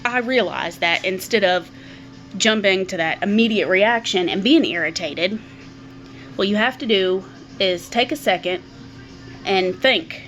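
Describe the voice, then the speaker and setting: A woman's voice: fairly low pitch, lively intonation, unhurried, fairly bright tone, soft background music. A middle-aged woman speaking candidly to camera in a personal vlog, often repeating words as she thinks aloud. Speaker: vlogger.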